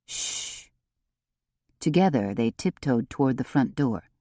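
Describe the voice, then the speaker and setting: A woman narrating a cozy mystery audiobook in an expressive, unhurried reading. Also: sits low, dry recording, clean studio sound. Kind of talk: scripted narration.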